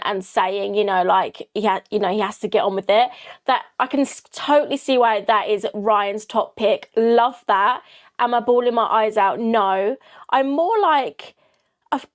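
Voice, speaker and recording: A young woman from Kent hosting a reaction video, chatting casually and peppering her talk with "you know" and "like". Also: mid-range voice. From Kent, England. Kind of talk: casual chat.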